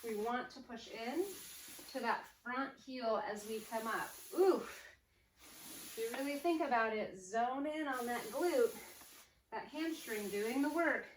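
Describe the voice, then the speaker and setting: A woman fitness instructor coaches a home workout as she exercises, her voice fairly high and a little slow. Upbeat and slightly out of breath, she counts down reps and cues form. The mic is distant in an echoey room, with faint noise.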